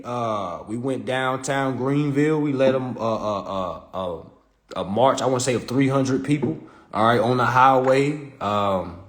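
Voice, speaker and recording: A young man from South Carolina, talking in a casual, profane livestream monologue and laughing often. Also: lowish voice. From South Carolina, USA. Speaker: livestream host. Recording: roomy echo.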